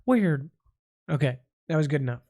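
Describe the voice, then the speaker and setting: A man's voice: high voice, normal speed, very noisy. Man, comedy show host, mock newscast, stumbles over words, silly repeated words, joking asides. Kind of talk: goofy read-out news blooper reel.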